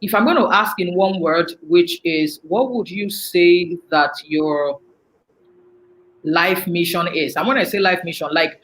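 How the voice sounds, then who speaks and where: Woman host, bright, lively, quick to laugh, chatty interview opener. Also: fairly low pitch, poor audio. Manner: chatty, laughs often, playful asides. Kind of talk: live online interview hosting.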